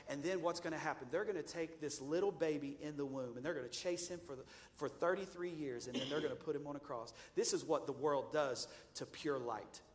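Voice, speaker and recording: A man preaching a sermon emphatically, firing rhetorical questions and rising to shouts. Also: on the high side, a little fast, in a large hall.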